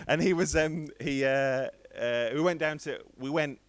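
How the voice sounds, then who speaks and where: A man's voice: fairly high pitch, takes it slowly, no echo. A man in his thirties doing a rambling, self-deprecating stand-up set on a stream. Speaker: stand-up comedian.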